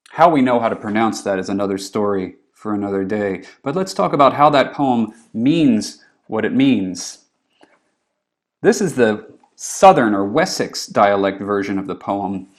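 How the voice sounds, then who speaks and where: Low-voiced man giving a lecture. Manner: relaxed, frequent ums, reads Old English verse slowly. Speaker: literature lecturer. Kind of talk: recorded classroom lecture.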